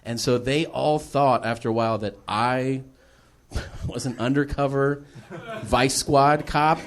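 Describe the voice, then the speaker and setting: A man's voice: medium pitch, fairly even intonation, slow. A man telling a profane comic story as a podcast guest, laughing while he acts out the dialogue. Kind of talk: casual comedic storytelling.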